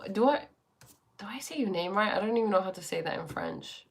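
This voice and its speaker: A woman's voice: mid-range voice, moderate pace. A woman hosting a live stream as a life coach, chatting casually and reflectively while answering viewer comments. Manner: reflective, questioning, spiritual talk. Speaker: livestream host and life coach. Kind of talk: casual livestream chat reading viewer comments.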